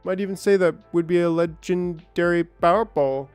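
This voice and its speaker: A man's voice: high-pitched, moderate pace, darkish tone, clean tone, no echo, soft background music. A man casually rambling through a game stream, reading patch notes and greeting chat viewers by name. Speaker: gaming streamer. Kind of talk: casual let's-play commentary.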